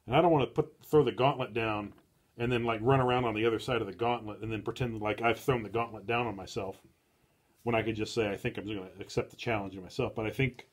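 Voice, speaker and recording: A man hosting a casual chat show, speaking in a halting, dry way with frequent restarts. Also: lowish voice, fairly even intonation. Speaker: host.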